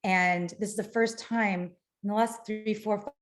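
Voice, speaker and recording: A woman's voice: mid-range voice, steady tone, measured pace. A middle-aged woman presenting a webinar on nutrition, explaining in a practical way into a computer mic. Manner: explanatory, practical, apologetic when slides fail. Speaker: nutrition lecturer.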